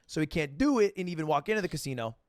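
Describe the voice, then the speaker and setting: A young man telling a story in a casual monologue, profane and animated, acting out both sides of the phone calls he recounts. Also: a little high, racing, dry recording, studio quality.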